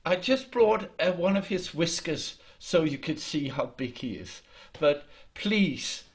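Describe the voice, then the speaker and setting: A man voicing a timid, panicked little female deer in a told folk tale, high and breathy. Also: lively intonation, slow pace. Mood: polite, nervous.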